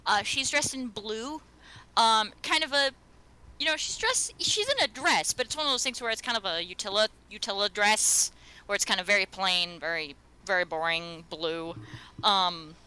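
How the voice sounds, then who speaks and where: A woman's voice: medium pitch, expressive, normal speed, bright, forceful tone, smooth, poor audio. A woman narrating a tabletop game as game master, rambling with many "um"s and restarts.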